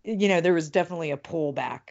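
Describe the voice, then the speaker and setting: A woman's voice: low-pitched, fast, gravelly, darkish tone, muffled recording. A woman co-hosting a podcast, chatting casually with lots of fillers and giggles. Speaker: podcast co-host. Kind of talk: casual chat.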